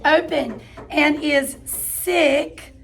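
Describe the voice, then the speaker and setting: A woman's voice: sits high, creaky. A woman teacher leading a phonics lesson in a classroom, calling out each step to the children in an encouraging way. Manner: slow, encouraging, calls out steps to children.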